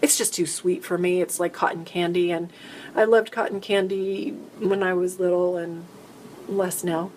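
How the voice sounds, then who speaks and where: A woman's voice: fairly low pitch, flat delivery, normal speed, a little mellow, a little hiss or hum. Chatty woman hosting a live stream. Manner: chatty, rambling, self-interrupting. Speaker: host answering viewer questions. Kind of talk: casual live-stream chat.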